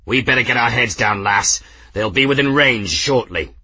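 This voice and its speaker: A man doing a gruff old airship engineer with a deep, husky growl. He is blunt and terse and clips his words short. The voice is dry and close, as in a storybook reading. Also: very animated, a little slow, pushed and bright, dry recording, full character voice. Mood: urgent.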